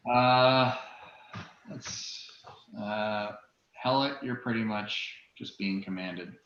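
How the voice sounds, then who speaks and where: A man's voice: lowish voice, very slow, fairly bright tone. A man running a tabletop game as game master, hesitant, with many ums and uhs. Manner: hesitant, lots of uh and um. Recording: roomy, dull lo-fi sound.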